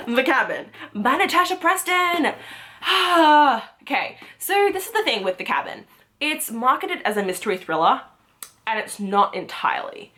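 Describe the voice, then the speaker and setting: A young woman vlogging her monthly reading wrap-up in a casual, gushing way, often jumping into loud, excited squeals. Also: a little high, moderate pace. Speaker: book vlogger.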